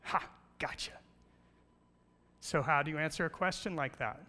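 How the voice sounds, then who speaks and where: Middle-aged guy doing a fun church talk, bright voice, a bit high, big echoey hall. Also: fast talker. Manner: playful, storytelling with jokes and rhetorical questions. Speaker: guest speaker on creation. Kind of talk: church presentation with slides. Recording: long hall reverb.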